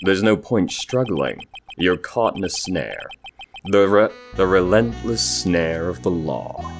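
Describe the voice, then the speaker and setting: A cool, sardonic prosecutor from a courtroom game, played by a man. His drawl is slow and unbothered, the voice very deep and gravelly. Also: animated, soft background music, full character voice. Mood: smug.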